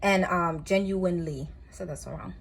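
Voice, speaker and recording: A woman doing a casual tarot reading, talking in a chatty, rambling way with animated asides. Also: fairly low pitch, normal speed, vocal fry. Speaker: tarot reader.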